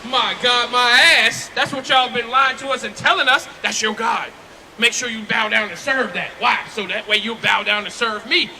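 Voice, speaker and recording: High-voiced confrontational male street preacher. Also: moderate pace, poor audio. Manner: loud, confrontational, rhetorical questions. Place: outdoors on a city street. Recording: street noise behind.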